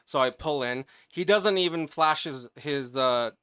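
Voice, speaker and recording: Podcast co-host, male, bright clear voice, dry close mic, animated and foul-mouthed storyteller. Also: a little high, a little slow, dry recording. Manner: animated, profane, swings into loud yelling when retelling. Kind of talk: casual chat, storytelling.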